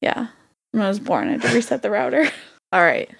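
A woman's voice: fairly high pitch, lively intonation, fairly quick, gravelly, breathy edge. A young woman with a New England accent, co-hosting a podcast in giggly, self-deprecating casual chat. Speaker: podcast co-host.

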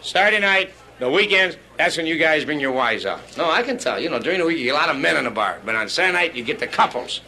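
In a nightclub, a stand-up comedian rambles through a crude, brash routine and banters with the crowd, with audience laughter in the background. His fairly high, sharp, expressive voice moves fast with few pauses, and the live club recording is low quality.

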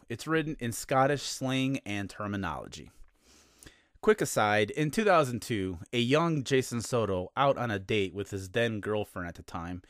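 A man's voice: mid-range voice, no room sound, clean studio sound. Sarcastic American man hosting a podcast. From United States. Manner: sarcastic, lively storytelling with asides. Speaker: podcast host. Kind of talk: casual monologue.

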